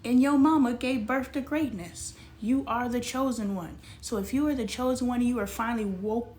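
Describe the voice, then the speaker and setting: A woman's voice: a little high, darkish tone, a little hiss or hum. A woman in her thirties, a life coach, talking casually and bluntly about spiritual growth, swearing for emphasis and reading scripture aloud.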